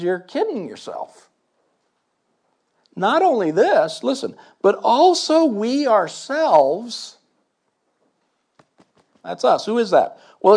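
Older man preacher, slightly high voice, emphatic sermon delivery with scripture reading. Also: a little mellow. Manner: emphatic, reads scripture aloud with asides and questions.

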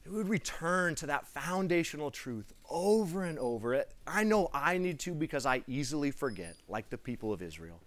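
A man giving a sermon to a live gathering, telling a personal story in an excitable, animated way. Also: on the high side, moderate pace, hardly any pauses. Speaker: preacher.

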